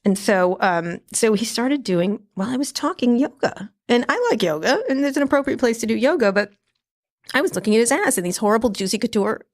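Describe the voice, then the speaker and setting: A woman's voice: on the high side, lively intonation. A middle-aged woman telling blunt, profane stories in a casual interview. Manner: blunt, profane, fast anecdotes with laughs. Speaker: guest, tech journalist.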